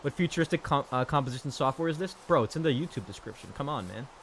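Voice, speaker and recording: A young man casually streaming a building game, rambling, cracking self-mocking jokes to his chat and counting out loud under his breath. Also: mid-range voice, expressive, fast, a little hiss or hum. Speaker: gaming streamer. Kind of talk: casual live-stream commentary while building.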